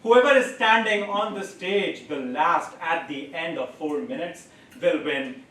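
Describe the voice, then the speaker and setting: A man's voice: a little high, unhurried, a bit bright, distant mic. Playful male host in an echoey room. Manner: playful, laughs at his own rules. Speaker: game show host. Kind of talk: hosting a live comedy game show. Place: stage at a live event. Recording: echoey room picked up from afar.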